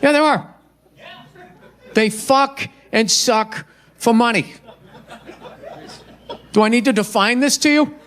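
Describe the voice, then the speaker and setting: A man with a high, reedy voice rants through a stand-up set, swearing freely and mocking everything in sight. He performs before a live audience, and his tone is sarcastic and exasperated. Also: slow pace, long pauses, fairly bright tone. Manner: ranting, profane, mocking. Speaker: stand-up comedian. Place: live comedy venue with audience.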